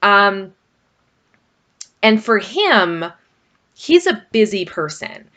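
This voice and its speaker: A woman's voice: mid-range voice, big pitch swings, drawn-out words, fairly bright tone, muffled recording, a little hiss or hum. A middle-aged woman vlogger talking casually and rambling about her marriage, with frequent fillers. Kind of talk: casual personal talk to camera.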